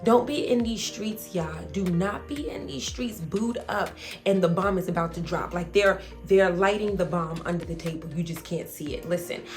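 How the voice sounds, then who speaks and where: A woman vlogger and spiritual advisor chatting casually to camera in a playful, animated way, speaking. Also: fairly low pitch, normal speed, faint music behind. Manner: animated, playful, talks straight to viewers with "y'all".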